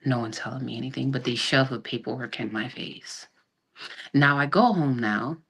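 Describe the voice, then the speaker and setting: Very deep-voiced woman telling her story. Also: moderate pace, breathy edge. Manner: animated retelling that acts out quoted dialogue, with frequent restarts. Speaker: guest, army sergeant. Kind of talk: personal storytelling in a podcast interview. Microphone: video call.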